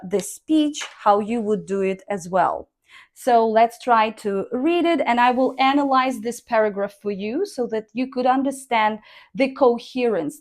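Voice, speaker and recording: A woman teaching pronunciation in a slow, measured way, reading sentences out word by word as a dictation. Her voice sits a little high, and she models each tone carefully for her students. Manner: dictates slowly word by word, demonstrating intonation. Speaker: English speaking teacher.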